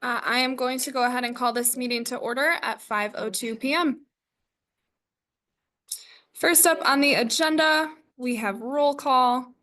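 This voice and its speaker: A woman chairing a student government meeting, reading the agenda and roll call in a brisk, scripted way. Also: high voice, steady tone, pushed and bright.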